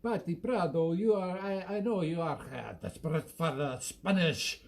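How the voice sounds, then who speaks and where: A man's voice: on the high side, moderate pace, vocal fry, darkish tone. A man playing a bumbling French show host, talking in an exaggerated fake French accent that drifts toward Italian on a home webcam stream. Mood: jolly. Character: bumbling male French host, hammy and chatty. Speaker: livestream music show host. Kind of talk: comic live-stream banter.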